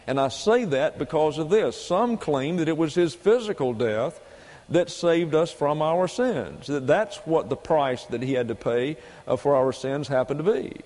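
A male preacher delivers a teaching sermon very slowly, with a slightly raised pitch. He works through his points one by one and repeats key phrases for emphasis. His voice carries a long reverb, as if in a large hall. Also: expressive, darkish tone. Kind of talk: doctrinal sermon teaching Greek grammar.

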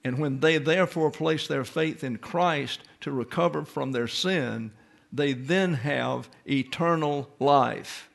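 A man delivering a Bible lesson in a methodical teaching voice. He reads passages aloud and works through them point by point. His voice is gravelly, with a fry to it and a slightly raised pitch. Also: takes it slowly. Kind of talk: sermon-style Bible lesson.

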